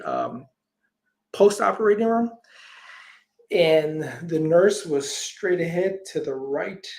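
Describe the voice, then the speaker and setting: A man's voice: fairly high pitch, low-quality recording. A man, a healer being interviewed, telling a personal story in a rambling way, full of "you know" and retold dialogue. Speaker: guest, healer.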